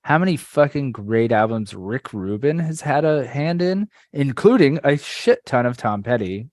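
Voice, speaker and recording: A man's voice: medium pitch, dry recording. A man hosting a podcast, easygoing and profane, taking his time to reach his questions. His voice sits in the middle range and sounds dry and close. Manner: relaxed, profane, drawn-out questions. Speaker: podcast host. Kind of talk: casual chat.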